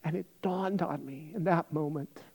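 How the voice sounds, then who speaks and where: A middle-aged male pastor preaching a sermon, telling a personal story in a chatty, self-deprecating way with plenty of fillers, and dropping to a hushed voice for serious moments. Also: a little high, moderate pace, breathy edge.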